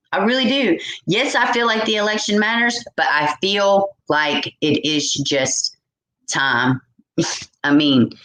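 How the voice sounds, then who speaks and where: A woman's voice: mid-range voice, a bit bright. A woman vlogger ranting to her viewers, exasperated, swearing often and repeating herself. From United States. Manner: exasperated, profane, repetitive ranting. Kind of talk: ranting commentary to camera. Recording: echoey room.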